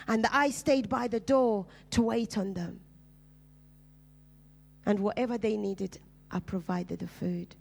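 Earnest woman telling her story. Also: high-pitched. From Uganda. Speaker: preacher sharing her testimony. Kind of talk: personal testimony in conversation.

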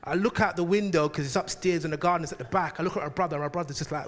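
A man preaching a sermon, telling a personal story with lively laughter and frequent asides to the congregation. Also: a little high, very fast, hardly any pauses. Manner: animated, laughing, keeps asking "do you know what I mean".

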